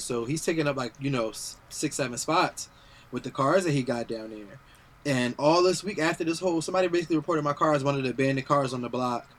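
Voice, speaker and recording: A man co-hosting a podcast, telling a story in a casual, slangy, profane and animated way. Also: a little high. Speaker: podcast co-host.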